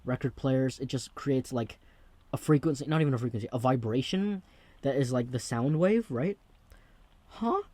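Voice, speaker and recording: A man's voice: medium pitch, normal speed, mellow, no echo. A young man hosting a rambling, jokey comedic monologue. He keeps interrupting himself and jumping between thoughts. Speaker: host.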